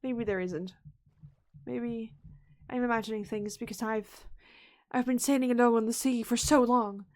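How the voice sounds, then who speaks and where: Female streamer, higher voice, playful running commentary with whispered asides. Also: fairly even intonation, normal speed, a little mellow. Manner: playful, chatty self-talk while playing; repeats words and whispers asides. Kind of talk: live gameplay commentary.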